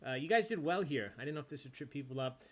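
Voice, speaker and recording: A man's voice: mid-range voice, lively intonation, fast. A man hosting a live online trivia night, reading questions and answer counts and joking with the players. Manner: playful, chatty, jokes with players and reads answers aloud. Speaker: trivia host.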